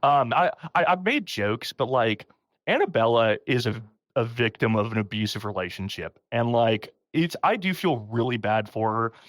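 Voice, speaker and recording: The recording has no echo, and the host speaks at normal speed in a mid-range voice. Lively and quick to laugh, he retells a story on his casual podcast, acting out quotes by raising his voice.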